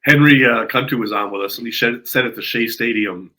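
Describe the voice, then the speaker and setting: A man's voice: medium pitch, fairly quick, bright, forceful tone, low-quality recording. A man hosting an interview, asking long, rambling questions with hesitations and fillers. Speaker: podcast host.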